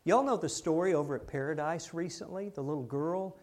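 High-voiced, animated male preacher. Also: fairly quick. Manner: animated, rhetorical questions to the congregation. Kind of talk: sermon.

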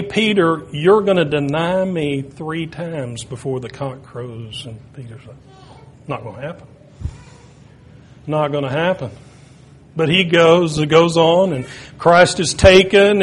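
A man preaching a sermon, retelling stories and building to loud, emphatic peaks. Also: a little high, slightly rough.

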